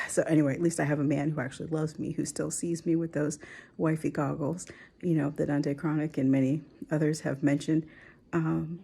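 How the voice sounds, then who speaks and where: Tearful woman in her forties, low and gravelly. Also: flat delivery, normal speed. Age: 40s. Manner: soft, tearful, often drops to a whisper. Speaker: vlogger. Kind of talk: emotional personal vlog.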